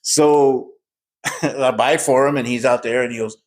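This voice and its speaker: A man co-hosting a podcast, telling stories in a casual, animated way and swearing freely. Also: mid-range voice, measured pace. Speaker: podcast co-host. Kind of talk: casual chat.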